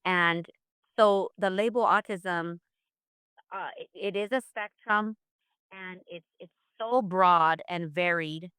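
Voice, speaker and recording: Smooth-voiced mother telling her story. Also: fairly low pitch, slow, a bit bright, no echo, studio quality. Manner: earnest, faith-filled storytelling. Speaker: guest, mother of an autistic son. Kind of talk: heartfelt podcast interview.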